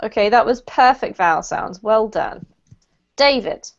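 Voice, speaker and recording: Encouraging woman teaching pronunciation. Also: lively intonation. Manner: encouraging, clear and deliberate. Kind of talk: online group pronunciation lesson. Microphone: video call. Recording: muffled low-fidelity video call audio.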